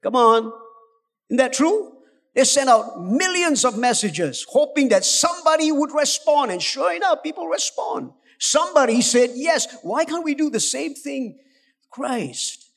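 High-voiced pastor preaching urgently in a hall. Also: male voice, animated, unhurried. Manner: urgent, exhorting, rising to shouts, coaxing the congregation. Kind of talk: sermon. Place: church hall. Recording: long hall reverb.

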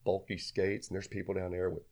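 Gravelly low-voiced man telling a story. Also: monotone, a little fast, darkish tone. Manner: rambling, self-deprecating, laughs often. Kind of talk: casual storytelling chat.

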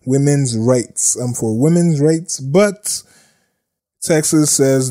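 A man talks through the news at an unhurried pace, his delivery blunt and sarcastic. He circles back on his own phrases and chuckles at his jabs, sounding like a casual podcast host. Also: mid-range voice, animated, mellow. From United States. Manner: blunt, sarcastic, repeats himself, laughs at own jokes.

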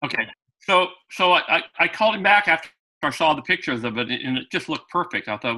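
A man who is a guest in an interview, telling an animated anecdote and often restarting his sentences. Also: medium pitch, fairly quick, low-quality recording. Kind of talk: storytelling in conversation.

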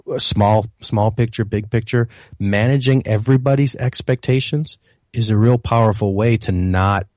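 Guy guest with lowish voice, earnest advice talk, dry close mic. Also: darkish tone, no echo. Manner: earnest, advising, repeats words as he thinks. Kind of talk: casual interview chat.

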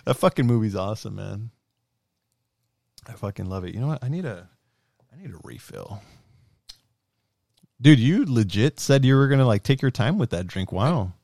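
A man's voice: medium pitch, animated, normal speed, gravelly, long pauses, darkish tone, dry recording, clean studio sound. A young man co-hosting a casual podcast, swearing a lot and laughing often. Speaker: podcast co-host. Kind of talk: casual chat.

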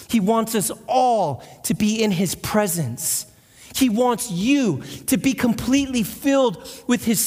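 High-voiced man preaching in a reverberant hall. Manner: conversational preaching, asks the congregation questions. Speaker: guest speaker. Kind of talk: sermon. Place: church.

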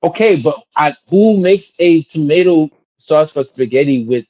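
A man's voice: fairly high pitch, animated, a little slow, a little mellow, no echo. A man co-hosting a podcast in casual banter, playful and teasing with emphatic interjections. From New England. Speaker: podcast co-host. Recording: dull lo-fi sound.

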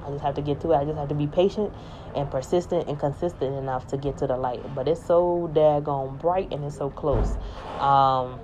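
A woman with a low, mellow voice rambles through a casual spiritual monologue, leaning hard on her points and repeating them. The recording sounds slightly dull, with faint ambience behind her. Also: fairly even intonation, fairly quick, a little hiss or hum. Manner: rambling, emphatic, repeats herself.

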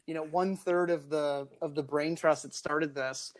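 Earnest laughing podcast host. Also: male voice, fairly high pitch, steady tone, measured pace. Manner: laughs often, reflective, earnest. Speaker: podcast host, club co-owner. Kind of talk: casual podcast chat.

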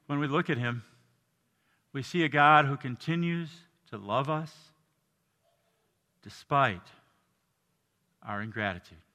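In a church with big-room sound, an older pastor preaches an earnest sermon, dropping soft and low before rising to emphatic lines.

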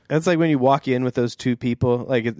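A man reading a book aloud on a podcast and chatting about it wryly, slipping into quick quoted voices. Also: mid-range voice, darkish tone, dry recording, clean studio sound. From St. Louis. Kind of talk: casual chat and reading aloud.

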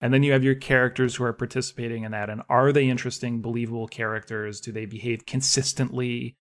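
A man's voice: medium pitch, level tone, fast. A man co-hosting a podcast, chatting casually and ranting with animation about writing, laughing often. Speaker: podcast co-host.

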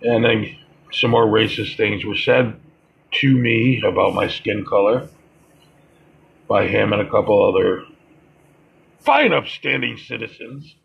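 A man with a deeply gravelly, husky voice delivers a heated, profane monologue, stopping and restarting as he gets worked up. He talks slowly, and the recording sounds dull and lo-fi. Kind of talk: monologue commentary.

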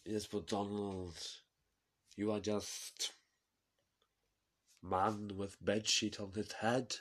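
Brief: a flat, dismissive wife in broken English, put on by a man, low and unhurried. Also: heavily acted. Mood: scornful. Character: deadpan, scornful politician's wife speaking broken English.

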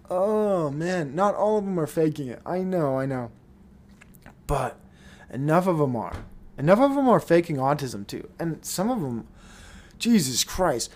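A man's voice: a little high, a little mellow. A man hosting his own show in a rambling, profane, blunt casual monologue. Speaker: podcast host.

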